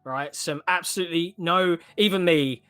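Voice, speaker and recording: A man's voice: fairly high pitch, normal speed, sharp tone, clean tone, soft background music. A British man, a guest commentator on a live stream, chatting casually and animatedly, with a cryptic tone and casual swearing. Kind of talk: casual panel chat.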